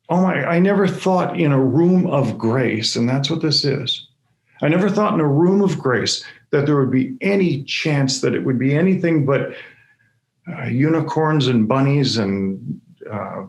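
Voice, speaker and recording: A man speaking at a conference, telling a personal story with halting, stammering restarts. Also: medium pitch, vocal fry. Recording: echoey room.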